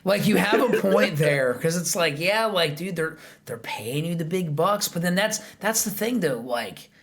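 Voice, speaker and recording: Man, podcast host, lively pitch swings, rambling casual chat full of fillers. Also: normal speed, creaky. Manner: rambling, heavy use of filler words.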